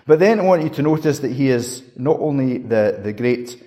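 A man delivers a sermon in a mid-range voice. He leans into dramatic emphasis, lifting his voice high for key words and dropping to a near hush for others. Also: animated, moderate pace. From Scotland. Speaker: preacher.

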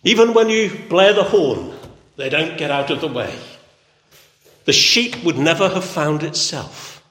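A man's voice: a little high, lively intonation, measured pace, a bit bright. A man preaching a sermon with an emphatic, repetitive cadence. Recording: echoey hall.

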